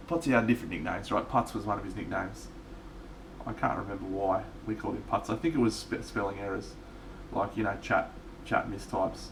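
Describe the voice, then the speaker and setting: A man's voice: lowish voice, far from the mic, a little hiss or hum. A man telling rambling stories to his stream chat, swearing freely and laughing along. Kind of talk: casual storytelling to stream chat.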